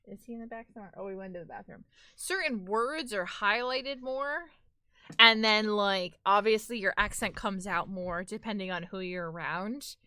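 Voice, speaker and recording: A woman's voice: medium pitch, normal speed, bright, forceful tone, clear, resonant tone, no room sound, clean studio sound. Chatty New York woman streamer. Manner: chatty, rambling with lots of "like". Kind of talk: casual live-stream chat.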